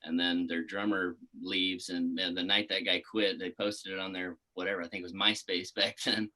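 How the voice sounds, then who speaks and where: A man's voice: low voice, little pitch movement, normal speed, bright, forceful tone, poor audio. A man in his thirties from Texas, a podcast guest chatting casually, laid-back, laughing often and swearing freely. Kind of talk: casual interview chat.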